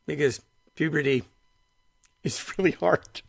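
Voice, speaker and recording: A middle-aged man hosting a podcast, chatting casually and retelling conversations in an animated way, full of "like". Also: fairly high pitch, measured pace, gravelly, husky, dry recording, clean studio sound. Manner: animated storyteller, retells dialogue, frequent "like". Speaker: podcast host.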